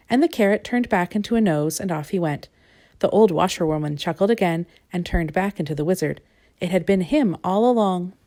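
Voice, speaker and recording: A woman reading a children's picture book aloud with gentle, expressive storytelling. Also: on the low side. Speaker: storybook reader.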